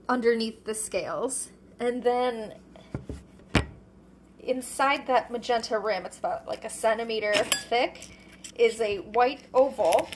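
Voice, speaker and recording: A woman with a fairly high voice hosts a casual solo podcast, thinking aloud with lots of fillers while she eats, sometimes talking with her mouth full. The background is noisy.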